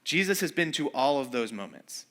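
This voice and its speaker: A man's voice: mid-range voice, very animated, normal speed, a bit bright. A man preaching a sermon as pastor, telling a scripture story in a casual, conversational way and acting out the lines of the people in it.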